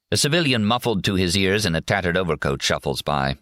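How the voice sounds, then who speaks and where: A man reading a memoir audiobook in a measured, steady first-person narration. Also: low voice, no echo, studio quality. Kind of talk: scripted narration.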